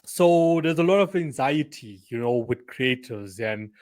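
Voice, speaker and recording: A man hosting an interview in a loose, chatty way. He fills his sentences with "you know" and "like," and his pitch sits in a middle range. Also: lively intonation, measured pace, darkish tone. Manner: chatty, filler-heavy, with frequent "you know". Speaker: interview host. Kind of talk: casual interview talk.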